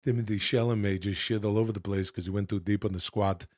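A man voicing a burly middle-aged male gym owner in a low, hushed, matter-of-fact tone. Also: fairly even intonation, fast talker, no echo, clean studio sound, lightly acted. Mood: smug.

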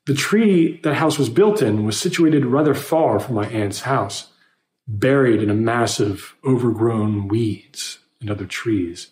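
A man narrating a first-person horror story in a measured, scripted way, recorded with a roomy echo. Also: mid-range voice, darkish tone.

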